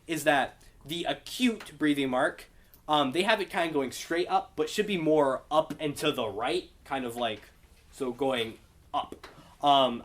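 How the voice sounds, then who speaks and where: A young man teaching a casual beginner Greek class, explaining patiently and asking his students for questions. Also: a little high. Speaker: Bible study Greek teacher.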